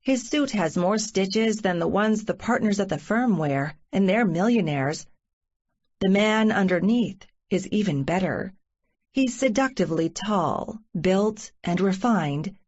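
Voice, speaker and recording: A woman narrating a first-person romance audiobook in a measured inner-monologue style. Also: mid-range voice, animated, a little mellow. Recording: muffled lo-fi recording.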